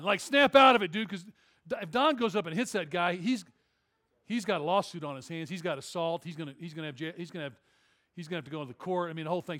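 A man's voice: high-pitched, a bit bright. A man preaching a sermon, telling a humorous story and then building to emphatic, rising appeals. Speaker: pastor.

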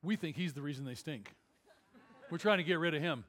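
A high-voiced male pastor, preaching to his congregation. He tells a story with jokes, then builds to emphatic, rising calls. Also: fairly quick, a bit bright. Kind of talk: sermon.

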